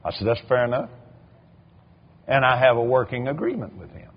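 Telling stories in a sermon, an older preacher speaks a little fast in a husky, mid-range voice. He's animated, acting out the quoted voices and repeating words, and the recording is dull and lo-fi.

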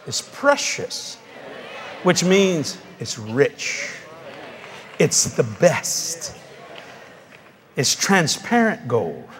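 A male preacher telling a story in a televised sermon, animated and laughing, with bursts of shouting. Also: high-pitched, a little hiss or hum.

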